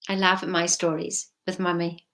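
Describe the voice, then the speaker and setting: A woman, a money mindset coach talking casually, emphatic and chatty with soft intimate asides. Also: lowish voice, little pitch movement, normal speed. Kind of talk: casual motivational vlog.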